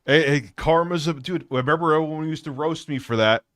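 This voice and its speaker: A man's voice: fairly high pitch, brisk, a bit bright, no echo, studio quality. A man hosting a live stream, talking crudely and rambling with a lot of swearing. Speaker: livestream host. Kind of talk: casual live stream talk.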